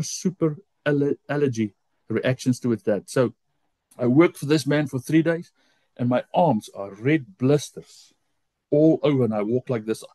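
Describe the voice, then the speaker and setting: Man preaching a lively personal testimony. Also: dry recording. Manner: animated storytelling, jumps high when quoting his own complaints. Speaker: pastor. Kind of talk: sermon testimony. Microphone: close mic.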